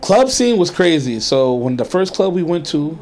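A man's voice: fairly high pitch, big pitch swings, moderate pace, darkish tone. A man from California telling a rambling, laid-back story in casual chat, swearing freely.

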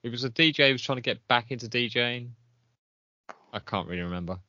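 A man, co-hosting a casual chat podcast, chatty and quick to laugh. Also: medium pitch, sharp tone, no room sound, muffled recording. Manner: chatty, laughs often, trails off. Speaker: podcast co-host.

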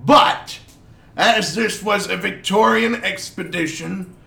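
A man's voice: high-pitched, takes it slowly, creaky, sharp tone, voice pushed up, exaggerated voice. A man voicing a pompous, cigar-smoking duke who speaks in a placating, grand manner. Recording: roomy echo.

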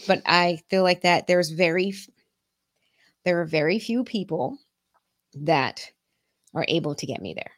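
A woman guest on a podcast, chatting casually in a passionate way, swearing heavily and getting loud. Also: lowish voice, a little slow, pauses often, no echo, clean studio sound.

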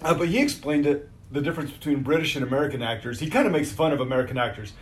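A man's voice: mid-range voice, rapid-fire. A man co-hosting a casual podcast, a little tipsy, laughing and swearing freely, recorded on a phone. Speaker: podcast co-host. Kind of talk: casual chat.

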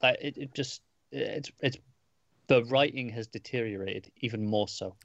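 A man's voice: mid-range voice, moderate pace, creaky, a bit bright, no room sound. Guy rambling thru a comic review, lots of restarts, dry dull mic sound. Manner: rambling, hesitant with many restarts. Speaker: comic book reviewer, podcast co-host. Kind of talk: casual podcast chat.

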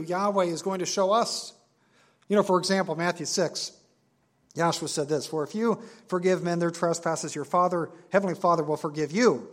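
Earnest male preacher, slightly high voice. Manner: earnest preaching with emphatic repeated phrases and slow stressed words. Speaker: pastor. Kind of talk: sermon.

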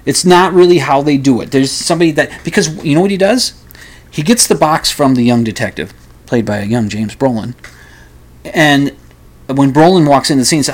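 A man's voice: medium pitch, expressive, normal speed. A man casually reviewing a film, rambling and skeptical, trailing off often. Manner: rambling, skeptical, many fillers and restarts.

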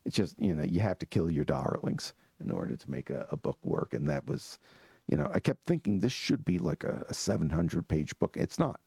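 Male author, gravelly, husky, lively pitch, storytelling with restarts. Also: fairly quick, dry recording. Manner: animated storyteller with frequent restarts and laughs. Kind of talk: telling anecdotes in a book talk.

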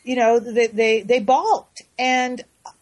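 Woman screenwriter guest, animated storyteller, lots of restarts, fairly high voice. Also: slow, rough recording. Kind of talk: casual radio talk.

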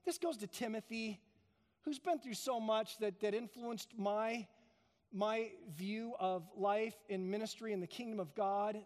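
A pastor preaching a sermon in a church, emphatic, building to loud peaks and then dropping soft. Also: male voice, high-pitched, in a large hall. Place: church sanctuary.

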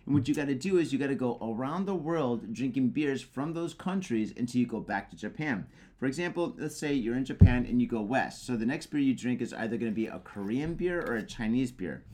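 Animated, lively-voiced man chatting. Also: medium pitch, fairly quick. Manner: loose and swearing, animated. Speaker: podcast co-host. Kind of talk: casual chat.

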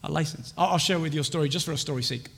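A young man preaching a sermon, telling a lively personal story with laughter and acted-out voices. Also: a little high, rapid-fire, gravelly. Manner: animated, laughing, acts out voices in his stories. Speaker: pastor. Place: church. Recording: church hall reverb.

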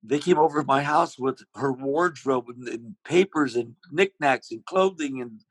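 A man's voice: mid-range voice, normal speed, breathy edge, dry recording, poor audio. A man being interviewed, telling long rambling stories about his singing with many restarts. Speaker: interview guest, singer. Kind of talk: casual storytelling.

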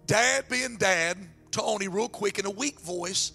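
Excitable pastor with a strained throat. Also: male voice, high-pitched, measured pace, gravelly, soft background music. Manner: excitable, repeats words when building up. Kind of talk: sermon storytelling.

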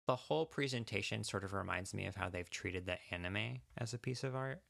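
A man with a very deep voice and a gravelly, fry-heavy edge talks through his ideas in a podcast chat. He pauses and hedges often as he thinks. His manner is thoughtful and unhurried. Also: a bit bright. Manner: thoughtful, hesitant, many fillers. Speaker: podcast co-host. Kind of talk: casual chat.

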